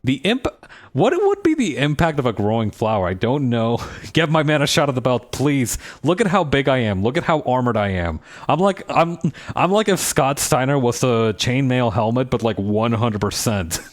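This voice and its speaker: A man's voice: medium pitch, expressive, normal speed, hardly any pauses. A man streaming a game live, reading aloud and joking, swearing and laughing often.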